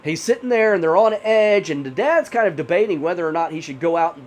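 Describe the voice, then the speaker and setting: A man's voice: fairly high pitch, expressive, fast talker. A man telling a horror story in a casual, rambling way, full of "you know" fillers. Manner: rambling, many 'you know' fillers.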